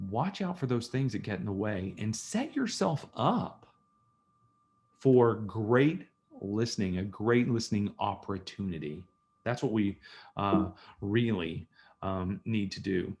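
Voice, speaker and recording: A man's voice: fairly low pitch, animated, unhurried, a little mellow. A man giving an online training on listening, talking conversationally and telling stories with acted-out dialogue, over a video call mic. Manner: conversational, storytelling, acts out dialogues. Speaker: communication skills trainer.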